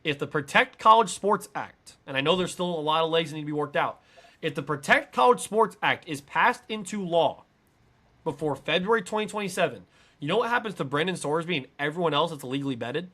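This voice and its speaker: A man co-hosting a casual sports podcast, talking emphatically and building to excited peaks. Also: a little high, a little fast. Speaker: podcast co-host.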